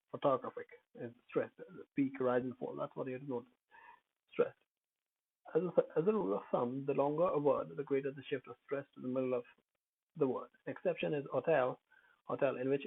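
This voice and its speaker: A man's voice: medium pitch, gravelly, husky. A man teaching English pronunciation in an unscripted lesson, hesitant, with many fillers and self-corrections. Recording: tinny phone-like audio.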